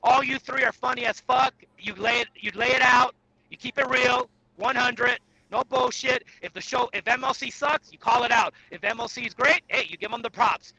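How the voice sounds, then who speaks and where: A man calling in to a podcast, hyped and swearing, whooping shoutouts over a poor call connection. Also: very high voice, moderate pace, gravelly, slight background noise. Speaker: caller. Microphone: phone or video call. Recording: bad call-in line.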